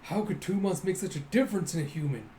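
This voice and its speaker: A manga reader voicing a stoic male fighter who muses slowly in the middle of a battle. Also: medium pitch, dark tone, slight background noise, close to an everyday voice. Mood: awed. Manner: slow, reflective.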